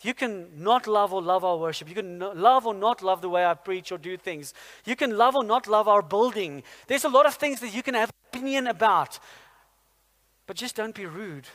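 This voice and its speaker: A man preaching a sermon in a church, energetic and firing rhetorical questions at the congregation. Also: high voice, moderate pace. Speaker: pastor. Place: church hall. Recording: long hall reverb in a church.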